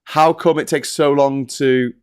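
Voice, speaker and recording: A man's voice: on the high side, steady tone, measured pace, clean tone. A British man hosting a casual panel chat, rambling loosely, swearing and laughing between points. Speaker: host.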